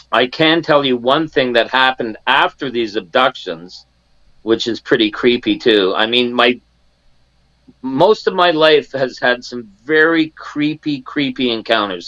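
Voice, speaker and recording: A man's voice: medium pitch, a little slow, fairly bright tone, no echo, muffled recording. A man in his sixties from Canada, a guest in an interview, telling a personal story and acting out the family members he quotes, with many restarts. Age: 60s.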